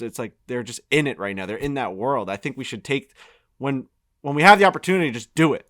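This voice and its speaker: A man's voice: mid-range voice, animated, fast talker, fairly bright tone. A man co-hosting a podcast, rambling between fillers, laughing and swearing. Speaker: podcast co-host. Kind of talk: casual podcast banter.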